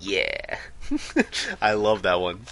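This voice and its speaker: A man's voice: low-pitched, big pitch swings, extremely slow, a bit bright, slight background noise. A man co-hosting a podcast, chatting casually and rambling with frequent restarts. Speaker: podcast co-host. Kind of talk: casual gaming chat.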